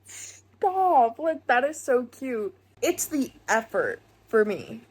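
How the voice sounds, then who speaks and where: A young woman excitedly recapping a book she is reading, gushing and saying "like" a lot. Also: a little high, takes it slowly, husky. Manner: gushing, excitable, heavy use of "like". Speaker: book vlogger. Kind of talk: casual reading vlog recap.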